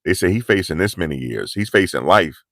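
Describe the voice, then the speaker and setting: A man's voice: sits low, expressive, a little fast, a bit bright, no echo. A man giving live, slangy street commentary outdoors in cold, rainy weather, pushing his energy up as he talks. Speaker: vlogger.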